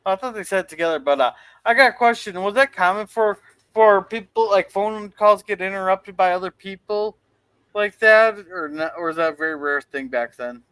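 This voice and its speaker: High bright-voiced man asking questions. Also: normal speed, smooth, dry recording. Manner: curious, asks questions, chatty. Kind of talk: casual chat reviewing an old sitcom.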